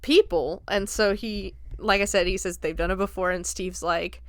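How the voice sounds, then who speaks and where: A woman's voice: mid-range voice, fairly even intonation, moderate pace, no echo. A woman hosting a podcast, casually recapping a film scene by scene, laughing often and acting out the lines she quotes. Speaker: podcast host reviewing a film.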